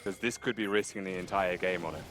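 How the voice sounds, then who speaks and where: A man giving analytical color commentary on a live esports match, thoughtful and quick to laugh. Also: low voice, music in the background.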